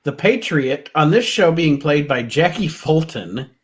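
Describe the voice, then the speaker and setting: A man co-hosting a casual chat, reading out old match results in an unhurried way and chuckling often. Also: on the high side, lively intonation. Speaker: podcast co-host.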